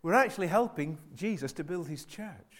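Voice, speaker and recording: A man's voice: sits high, lively intonation, normal speed, fairly bright tone. A man preaching a sermon to his church in an earnest way, often repeating phrases and asking the congregation rhetorical questions.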